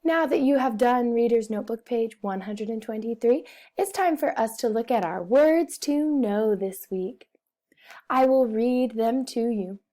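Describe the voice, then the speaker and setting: A woman's voice: fairly high pitch, lively intonation, unhurried, dark tone. A woman teaching a phonics lesson to young children, carefully sounding out and repeating each word. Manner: over-enunciates words and repeats them, speaks to children. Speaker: first-grade teacher.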